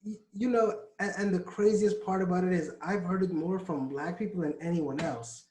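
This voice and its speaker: A man's voice: high voice, steady tone, moderate pace, darkish tone, a little hiss or hum. A man from the West Indies co-hosting a casual podcast, making his case in an indignant, argumentative tone. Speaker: podcast co-host. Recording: roomy echo.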